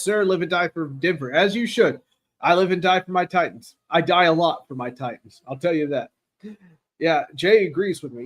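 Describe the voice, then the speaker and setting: A man hosting a casual live football chat, rambling and excitable, reading viewer comments aloud, his throat raw from cheering. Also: on the high side. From Tennessee. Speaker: podcast host.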